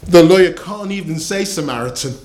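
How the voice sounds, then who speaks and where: A man's voice: sits high, animated, moderate pace, a little mellow. A man preaching a sermon in a storytelling manner, repeating key phrases for emphasis. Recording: echoey room.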